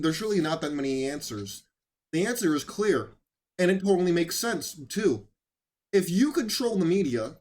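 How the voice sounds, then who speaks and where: A man hosting casual political commentary, sarcastic and rambling, who mocks others by putting on voices. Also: high-pitched. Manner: rambling, with restarts.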